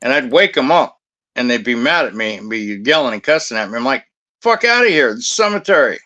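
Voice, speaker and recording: Man, mid-pitched voice, casual storytelling, blunt, swears constantly, rambling anecdotes. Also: a little fast, sharp tone. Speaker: former cemetery security guard.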